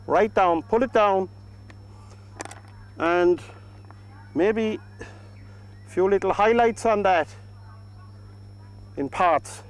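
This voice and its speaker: Irish painting teacher, man, high-pitched, soft coaxing delivery, outdoors. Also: extremely slow, pauses often, poor audio. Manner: gentle, coaxing, talks to the paint. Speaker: painting instructor. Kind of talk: painting demonstration. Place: outdoors by a lake.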